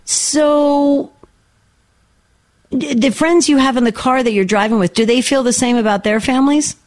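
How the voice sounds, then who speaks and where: A woman's voice: high voice, moderate pace, darkish tone. A woman hosting a call-in show, affectionate and encouraging with her callers. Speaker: radio host. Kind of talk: call-in radio talk.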